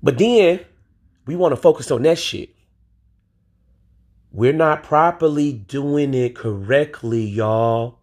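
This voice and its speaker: A man's voice: mid-range voice, slow, pauses often, a little mellow. A man from the United States ranting on his own podcast, emphatic and profane, using street slang and talking straight to his listeners. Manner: emphatic and profane, swears freely. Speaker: podcast host. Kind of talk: solo podcast rant.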